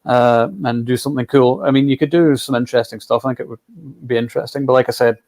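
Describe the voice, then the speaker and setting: A man in his forties, co-hosting a casual movie chat, speaking in a measured, hesitant way with plenty of fillers. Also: mid-range voice, steady tone, a little mellow. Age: 40s. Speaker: co-host of a movie podcast.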